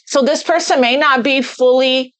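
A woman with a somewhat high voice talks her way through a tarot spread off the cuff. She speaks earnestly, as if passing on messages she senses, and repeats words to press her point. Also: steady tone, normal speed, a bit bright. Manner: repeats phrases for emphasis. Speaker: tarot reader. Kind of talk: spontaneous tarot card reading.

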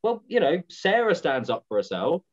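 Woman playing a young man, gossipy, cocky, lively pitch, lo-fi call audio. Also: moderate pace. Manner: gossipy, conspiratorial. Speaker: student actor. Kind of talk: online amateur drama over video call. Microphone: video call. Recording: dull lo-fi video call audio.

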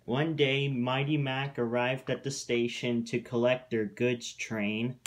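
Man narrator reading a storybook episode aloud, very slow, mid-pitched voice. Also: little pitch movement.

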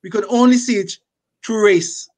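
An older man speaks as a panelist on a casual podcast. His voice sits notably high for a man. He talks emphatically and preachily, and he often tags his points with "okay?". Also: moderate pace, a little mellow.

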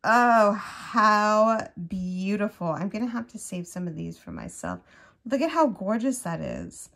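A woman hosting a crochet unboxing vlog in casual chat, gushing and excitable, often breaking off mid-sentence. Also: medium pitch, normal speed, creaky. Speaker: crochet channel host.

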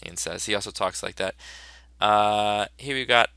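A man's voice: on the low side, fairly even intonation, unhurried, bright, forceful tone, smooth, no echo. A man teacher giving a casual, upbeat review of his students' work, chatty and full of fillers.

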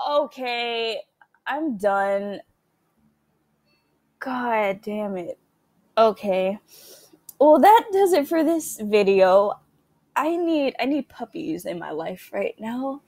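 Brief: a scared young woman gamer, stammering and yelping, high voice, very slow, dry close mic. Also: animated, a little mellow, no echo. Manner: jittery, stammering, swears, gasps and yelps in fright. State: scared and shaking. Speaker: gaming video creator. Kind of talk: horror game reaction.

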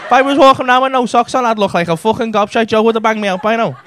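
Brash, crude comedian. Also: male voice, extremely high pitch, very fast, a crowd in the background, background noise. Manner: brash, crude, teasing banter with constant swearing. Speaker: stand-up comedian. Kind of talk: crowd work at a comedy club. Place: comedy club stage.

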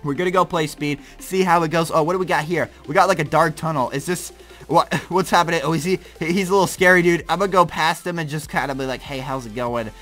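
A young man giving excitable, slangy let's-play commentary, laughing and reacting loudly as he plays. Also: fairly high pitch, fast talker, soft background music. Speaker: gaming YouTuber.

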